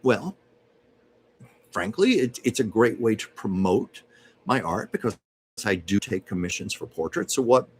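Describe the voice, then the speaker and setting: A man's voice: fairly low pitch, expressive, unhurried, long pauses, slight background noise. A man hosting a casual livestream at home, chatting and reading viewer comments aloud as a psychic medium.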